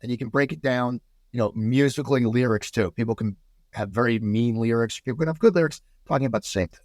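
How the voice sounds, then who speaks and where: An American man, a podcast guest, chatting casually and telling animated stories full of restarts. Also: mid-range voice, quick pace, dry recording, studio quality. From United States. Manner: animated storyteller, many restarts.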